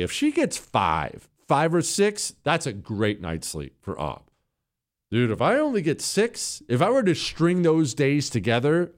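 A middle-aged man hosting a talk radio show, speaking in a cocky, joking, conversational way with frequent restarts. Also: mid-range voice. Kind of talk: casual monologue.

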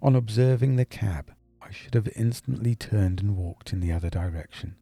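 A man doing a brilliant detective with a very low, dark voice and a slightly husky edge. He is brisk and dry, explaining in crisp, measured phrases. Soft music plays faintly behind him. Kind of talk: audiobook character reading.

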